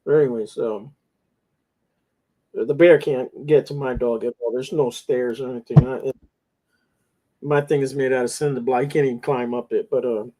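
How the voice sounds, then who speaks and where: A man's voice: mid-range voice, fairly even intonation, normal speed, long pauses, warm tone, low-quality recording. A man hosting a casual talk show, telling long rambling stories with plenty of swearing. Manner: rambling, profane storytelling. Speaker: podcast host. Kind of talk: casual chat.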